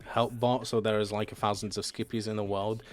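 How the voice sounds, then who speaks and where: A man's voice: lowish voice, little pitch movement, moderate pace. A young adult man with a British-sounding accent, streaming and chatting loosely with viewers, swearing now and then. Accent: British-sounding English. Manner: chatty, loose and profane, answering chat messages. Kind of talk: casual chat with stream viewers while gaming. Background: faint background music.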